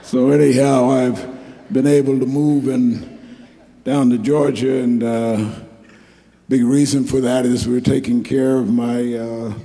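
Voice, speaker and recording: A man's voice: medium pitch, level tone, a little slow, gravelly, dark tone. An older man from New Jersey giving a folksy, rambling, joking acceptance speech at an awards ceremony in a large hall. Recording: echoey hall.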